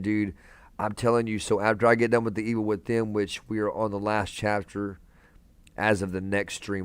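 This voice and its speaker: A man's voice: on the low side, clear, resonant tone, no room sound. A young man hosting a casual live stream from a hospital room, chatting laid-back with viewers and calling them man and brother.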